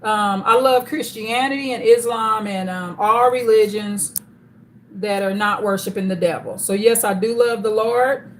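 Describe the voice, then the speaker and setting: A woman's voice: mid-range voice, steady tone, unhurried, a little hiss or hum. A woman hosting a live stream, chatting casually and greeting viewers by name as they join.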